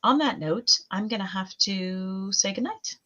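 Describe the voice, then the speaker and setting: A woman on a casual panel chat, speaking in a reflective, soft-spoken way. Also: medium pitch, a little slow, lo-fi sound, a crowd in the background. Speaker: panel guest.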